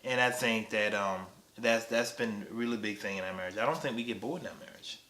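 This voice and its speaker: A man in his thirties talks casually with his wife, teasing her and laughing between lines. His voice has a bright, forward tone. The room around him is roomy and echoey. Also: lowish voice, fairly quick. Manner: teasing, playful, full of laughs and filler words. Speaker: husband on a couples channel. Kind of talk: casual couple chat.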